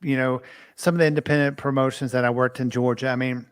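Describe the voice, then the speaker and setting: A man's voice: medium pitch, little pitch movement, fast, smooth, dry recording, studio quality. A man in a casual chat who rambles with many fillers.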